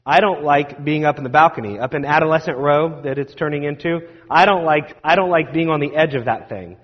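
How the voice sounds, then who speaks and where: Male pastor, sermon storytelling, slightly high voice, long church reverb, dull sound. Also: brisk, breathy edge. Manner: animated, self-deprecating storyteller.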